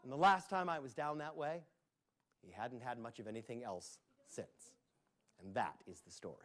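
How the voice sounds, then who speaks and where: A man's voice: mid-range voice, moderate pace, a bit bright, a little hiss or hum. A man telling a playful tale to children at a library, with sound effects and asides. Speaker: storyteller. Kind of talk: live storytelling for children. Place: public library.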